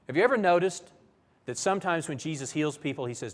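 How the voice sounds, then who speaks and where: With big-room sound around him, a man preaches a Bible lesson in sermon style at a church, narrating the stories vividly and with animation. His voice is on the high side and he talks fast.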